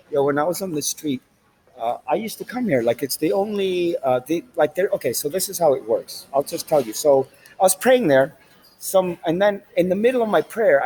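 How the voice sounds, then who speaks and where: A man's voice: fairly high pitch, darkish tone, husky, rough recording. Rambling, profane man vlogging in a station. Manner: profane, rambling, street slang. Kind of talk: rambling casual monologue. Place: large indoor train station.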